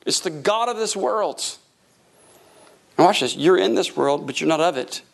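A middle-aged man preaching a sermon, telling stories and acting out voices in a jokey, animated way. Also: high-pitched, normal speed, vocal fry. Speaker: pastor. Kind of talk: lively sermon with storytelling.

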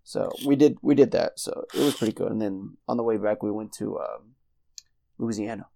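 A man's voice: on the low side, moderate pace, vocal fry, mellow. A young man casually co-hosting a podcast, telling a rambling story and swearing freely. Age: young adult. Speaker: podcast co-host. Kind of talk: casual chat.

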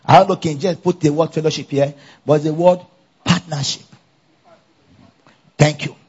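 A male pastor preaching a lively sermon at a church conference, calling out to the congregation for answers. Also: a little high, normal speed, husky, muffled recording. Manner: animated, call-and-response with congregation.

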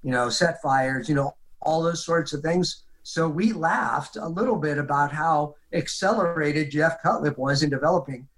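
A man's voice: on the high side, moderate pace, rough recording. A man retelling a case as a guest, quoting others in vivid detail. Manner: animated retelling, quotes others. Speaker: detective guest. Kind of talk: storytelling in an interview.

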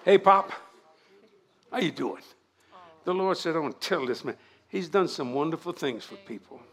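An older man, preaching at a revival, moving from fervent shouted prayer to folksy storytelling. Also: on the high side, lively intonation, normal speed, breathy edge. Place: church sanctuary.

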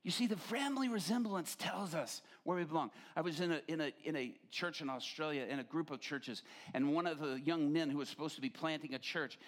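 Middle-aged male pastor, lively sermon delivery, voice sits on the high side and pushes loud at peaks. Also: a little fast, hardly any pauses. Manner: animated storytelling, rising to near-shouts.

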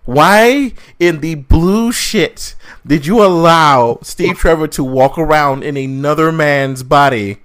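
A man's voice: high voice, fairly bright tone, smooth. A man co-hosting a podcast, ranting in casual chat with a lot of swearing and mocking asides. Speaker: podcast co-host reviewing a film.

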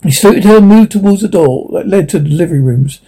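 A man's voice: high voice, animated, brisk, mellow, husky, poor audio. A man reading a short story aloud as its narrator, often stumbling and restarting words.

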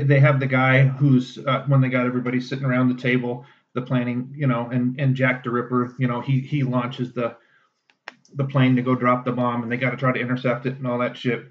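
A man co-hosting a podcast in casual chat, rambling and swearing freely with many restarts. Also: mid-range voice. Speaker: podcast co-host. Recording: dull lo-fi sound.

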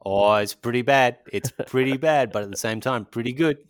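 A man's voice: medium pitch, normal speed, no echo, studio quality. A man chatting casually as a podcast co-host, rambling and joking, often trailing off mid-sentence. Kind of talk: casual chat.

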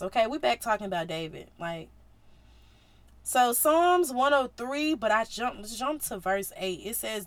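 A woman hosting a casual faith podcast, talking in slang and acting out Bible scenes with big jumps in loudness. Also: fairly high pitch, no echo. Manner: animated, slangy, acts out quotes with big swings in loudness. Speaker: podcast host.

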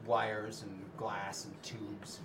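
A man narrating a tabletop game as game master, calm and measured. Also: lowish voice, a crowd in the background. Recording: distant mic with background noise.

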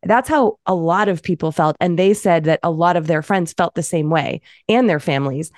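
Woman podcast co-host, low voice, swears freely, dry close sound. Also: normal speed, no echo. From Massachusetts, US. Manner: blunt, profane, animated storytelling. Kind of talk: casual podcast chat.

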